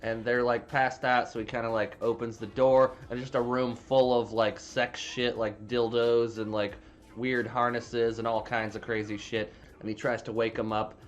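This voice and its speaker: A man recaps a film plot in a loose, rambling way, swearing freely and padding his lines with fillers. His voice sits at an ordinary middle pitch. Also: flat delivery, normal speed, highs cut off. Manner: rambling, profane, filler-heavy storytelling. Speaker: movie reviewer. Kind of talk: casual spoiler recap.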